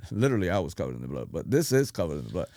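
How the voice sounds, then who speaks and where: Middle-aged man, lower voice, dry close sound, lively storyteller. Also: very fast, no room sound. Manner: animated storyteller who acts out quotes. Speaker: pastor, podcast guest. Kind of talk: telling his life story.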